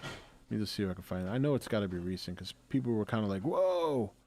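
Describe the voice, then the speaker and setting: A man's voice: on the low side, rapid-fire, a little mellow. A middle-aged man hosting a casual live stream, chatty and laughing often, with many restarts.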